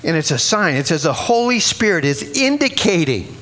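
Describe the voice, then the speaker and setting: A man's voice: fairly high pitch, big pitch swings, normal speed, a bit bright. A man preaching a sermon, exuberant and repetitive, often laughing between phrases.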